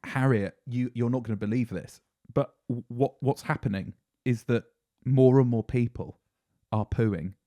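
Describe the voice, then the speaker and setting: A man's voice: medium pitch, measured pace, warm tone, no room sound. Man, podcast host, casual chat, laughs a lot, dry sound. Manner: laughing, self-deprecating storyteller.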